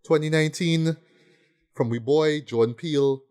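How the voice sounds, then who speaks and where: A man's voice: fairly high pitch, moderate pace, darkish tone, clear, resonant tone. A man talks through his favorite films in an easy, conversational way. He sounds eager and keeps checking in with his listeners as he goes. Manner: enthusiastic, peppers talk with "right?". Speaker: podcast co-host. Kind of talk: casual film review chat.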